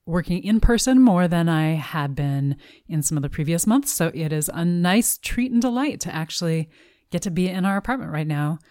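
A woman speaking as a podcast guest from her apartment, chatting in a measured, thoughtful way with frequent ums. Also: on the low side, animated, mellow, dry recording, clean studio sound. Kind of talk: casual chat. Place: home apartment.

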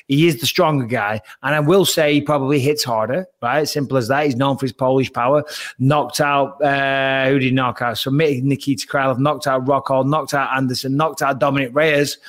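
A man in casual podcast chat, breaking down a fight in an animated, emphatic way and swearing freely. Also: on the high side.

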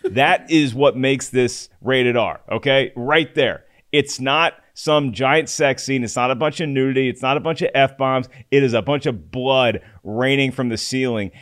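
A man's voice: medium pitch, unhurried, few pauses, a bit bright. A man hosting a movie podcast, making his points in an analytical, emphatic way. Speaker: podcast host. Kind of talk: movie review discussion.

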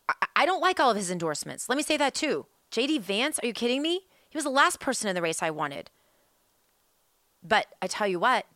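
A woman's voice: mid-range voice, a bit bright, dry recording, studio quality. A woman hosting a political talk show, delivering a fired-up, emphatic monologue that is full of rhetorical questions. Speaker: political commentary host.

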